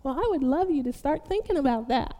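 A woman pastor preaching a sermon, building to loud, fervent exhortation and calling her listeners beloved. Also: high-pitched, lively intonation, brisk, big-room sound.

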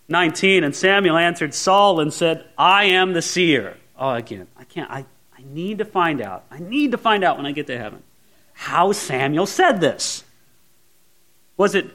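A man's voice: on the high side, expressive, normal speed, fairly bright tone. A male pastor preaching a sermon, acting out the lines of biblical characters.

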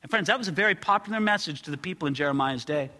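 An earnest male preacher with a high, very bright voice that soars into loud pleading passages. His words ring out with a long hall reverb behind them. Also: expressive, very fast. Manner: earnest, rises high and loud when acting out pleas. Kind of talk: expository sermon.

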